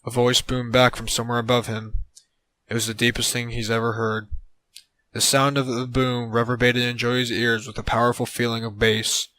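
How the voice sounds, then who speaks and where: A man narrating an absurd comedic story in a deadpan way on a close mic. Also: medium pitch, normal speed, dry recording, poor audio.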